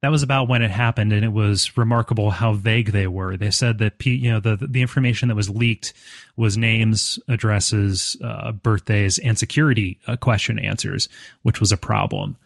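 A man hosting a casual gaming podcast, talking in a halting way with many fillers and restarts. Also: fairly low pitch, fairly even intonation, vocal fry, no echo, studio quality. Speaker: podcast host.

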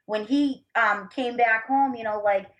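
A woman in her thirties with a fairly high, slightly bright voice speaks unhurriedly as a podcast guest. She chats casually into a laptop microphone, rambling, using lots of fillers, and swearing frankly.

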